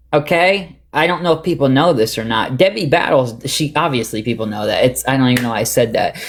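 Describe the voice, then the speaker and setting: A man hosting a casual livestream, rambling through gossip and getting animated as he retells online drama. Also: a little high. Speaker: livestream host.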